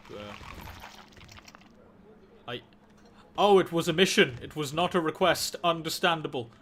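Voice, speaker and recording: A man's voice: fairly high pitch, a little slow, fairly bright tone, slight background noise. A man hosting a gaming video, giving dry, wry let's play commentary and often stammering and restarting his sentences.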